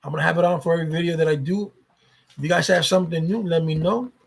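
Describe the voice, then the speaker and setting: A man's voice: on the high side, fairly even intonation, fast talker, gravelly, slight background noise. A man talking casually to his vlog viewers, rambling and swearing freely, often repeating himself. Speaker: YouTuber.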